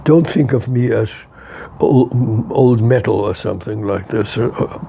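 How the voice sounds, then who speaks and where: A man's voice: on the low side, unhurried, vocal fry, dull audio, slight background noise. A man in his eighties speaking as an interviewee and philosopher. He talks in an emphatic, repetitive way and openly lets his emotion show. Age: 80s. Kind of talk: reflective interview talk.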